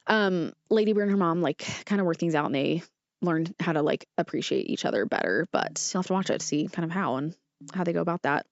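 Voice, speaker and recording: Young woman podcast host, low-pitched, earnest and rambling; dry, muffled lo-fi audio. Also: fast talker, no echo. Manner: rambling and earnest, many fillers and self-corrections. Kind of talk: casual podcast monologue.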